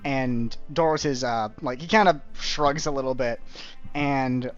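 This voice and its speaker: Male game master, casual and halting delivery, dull lo-fi stream with faint music underneath. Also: mid-range voice, fairly even intonation. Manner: casual, halting, many fillers. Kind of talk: narrating a tabletop game.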